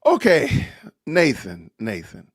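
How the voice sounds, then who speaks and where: A man hosting a livestream podcast, chatting casually with animated, theatrical exasperation. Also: fairly high pitch, takes it slowly, slightly rough, no echo, clean studio sound. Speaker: podcast host.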